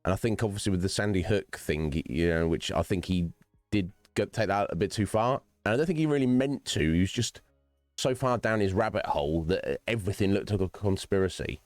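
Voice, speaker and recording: A man with a low voice talks briskly, with no echo and faint music in the background. He's hosting his own livestream while gaming, chatting casually with viewers by name in a rambling, philosophical way and swearing freely.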